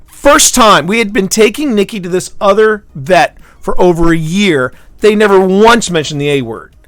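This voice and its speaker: With a high-pitched voice and lively intonation, this livestream host tells a meandering story in casual chat. He restarts haltingly and shifts from loud to quiet, and there's no echo on the recording.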